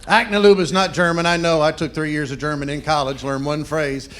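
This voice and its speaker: A man's voice: fairly high pitch, flat delivery, brisk, fairly bright tone, a little hiss or hum. A middle-aged man doing stand-up comedy, chatting playfully and quizzing the audience. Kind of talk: stand-up comedy with crowd work.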